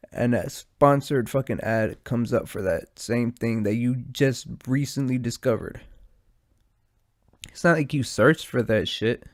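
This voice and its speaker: A man's voice: medium pitch, darkish tone, no room sound, clean studio sound. A man hosting a podcast, rambling casually with lots of swearing, his nose stuffed and a bit out of breath. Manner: profane, meandering, laid-back. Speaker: podcast host.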